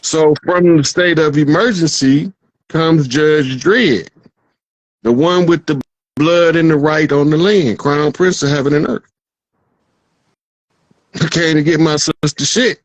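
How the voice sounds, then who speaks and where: A man's voice: on the high side, measured pace, long pauses, no echo, rough recording. A man as an interview guest, speaking in a proclaiming, declamatory way. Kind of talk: conversational interview.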